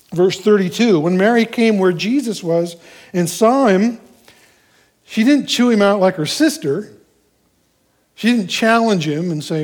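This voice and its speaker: A man preaching a sermon, walking through a scripture passage verse by verse and acting out the characters' lines in an animated way. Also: a little high.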